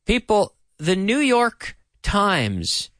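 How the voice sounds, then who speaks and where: Male radio English teacher, upbeat and expressive, drilling phrases slowly, dry studio mic. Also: high-pitched, no echo. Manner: animated, repeats each sentence slowly for learners. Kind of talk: radio language lesson.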